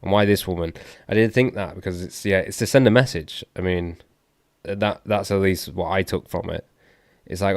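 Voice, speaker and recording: A man's voice: low voice, steady tone, moderate pace, a little mellow, dry recording, clean studio sound. A man hosting a live stream, reacting to a clip with puzzled questions and thinking aloud. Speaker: livestream host reacting to a clip. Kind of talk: casual live commentary.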